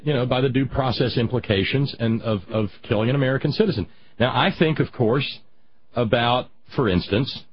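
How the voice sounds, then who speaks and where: A man hosting a political talk show, rambling and halting, reading out chat comments, with a husky voice. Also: medium pitch. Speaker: radio talk host. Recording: dull lo-fi radio sound.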